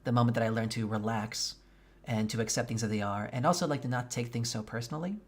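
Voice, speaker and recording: A man streaming a game, chatting casually with his viewers, candid and quick to swear. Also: medium pitch, breathy edge. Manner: candid and profane, venting frankly. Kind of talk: casual chat with live viewers.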